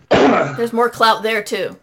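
A woman's voice: a little high, expressive, very slow, fairly bright tone, slightly rough. A woman with a Southern American accent, co-hosting a casual podcast and telling chatty stories, often correcting herself mid-sentence. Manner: chatty, self-correcting anecdotes. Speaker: podcast co-host. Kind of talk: casual chat.

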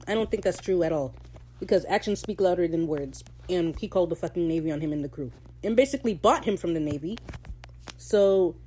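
A woman hosting a podcast, recapping a show in casual, sarcastic, animated rants full of slang. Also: on the low side, slight background noise. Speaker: podcast host.

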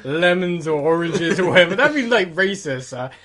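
A man's voice: high voice, lively intonation, normal speed, a crowd in the background. A young man chatting with friends in a cheeky, boastful way. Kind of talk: casual chat among friends.

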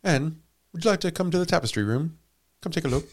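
A man voicing a calm, stiff-upper-lip English aristocratic parent in an understated, quiet way. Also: on the high side, quick pace. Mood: unbothered.

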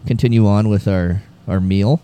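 A man's voice: on the low side, steady tone, normal speed, mellow, clear, resonant tone. A man casually telling a rambling, profane anecdote to his co-hosts, acting out the other people's voices. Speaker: podcast co-host. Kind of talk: casual storytelling chat.

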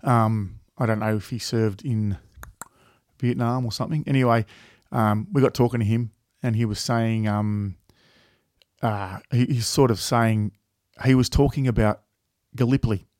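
A man's voice: lowish voice, steady tone, normal speed, darkish tone, no echo, studio quality. A man with an Australian accent, co-hosting a podcast in casual chat, rambling with many fillers and frequent swearing. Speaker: podcast co-host.

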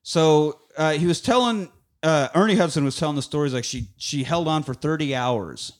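A man's voice: fairly high pitch, moderate pace. A man casually recapping a film on a podcast, swearing a lot, laughing and acting out the lines. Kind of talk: casual profane chat.

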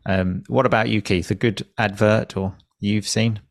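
A man's voice: lowish voice, moderate pace, gravelly, no echo, studio quality. A man who teaches English, telling a story in an easy, rambling conversational way. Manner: relaxed, anecdotal, with fillers like "like".

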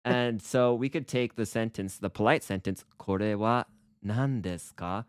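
A man with a low voice co-hosts a relaxed Japanese lesson podcast. He explains with playful energy and acts out example phrases. The sound is close and dry, with no room echo. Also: measured pace, clean tone. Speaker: co-host teaching Japanese. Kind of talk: casual language lesson podcast.

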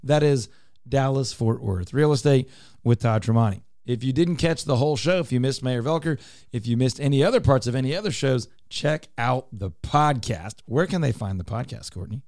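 A man hosting a talk radio show, driving home each point with emphatic repetition. His voice sits at an ordinary middle pitch. The studio sound is close and dry, with no room echo. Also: lively intonation, moderate pace, darkish tone. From Texas. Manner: emphatic, explanatory, repeats points. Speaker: radio show host, real estate broker.

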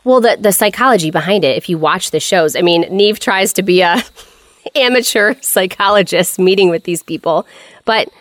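A woman's voice: medium pitch, moderate pace, dry recording. A woman co-hosting a podcast, telling a story in a chatty, wry way. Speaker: podcast co-host. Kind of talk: casual storytelling chat.

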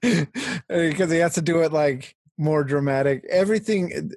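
Raspy, upbeat man recounting film scenes. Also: on the high side, animated, unhurried, a little mellow, no room sound. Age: adult. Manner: enthusiastic, breaks into laughter while recounting scenes. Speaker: podcast co-host. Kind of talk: casual chat about a film.

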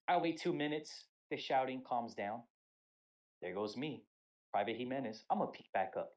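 A man's voice: mid-range voice, moderate pace, low-quality recording. A young man on a podcast telling an army story in casual chat, profane and full of acted-out quotes. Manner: animated, profane, acts out quotes. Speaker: podcast co-host.

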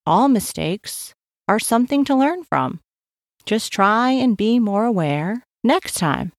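A woman doing a gentle male heron, forgiving, calm, slow-spoken, storybook. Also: on the high side, no echo, studio quality. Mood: reassuring. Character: kindly grown male heron.

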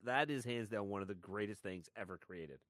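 A man's voice: fairly low pitch, fairly quick, a bit bright, no room sound. A man co-hosting a podcast, chatting casually and retelling crude jokes with lots of laughter. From Canada. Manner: laughing, crude joke-telling. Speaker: podcast co-host. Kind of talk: casual chat.

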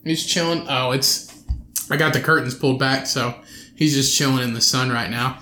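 A man's voice: medium pitch, steady tone, moderate pace, pushed and bright, roomy sound, a little hiss or hum. A young man hosting a solo podcast from his home studio, rambling, swearing and cutting himself off mid-sentence. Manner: profane, rambling, self-interrupting. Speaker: podcast host.

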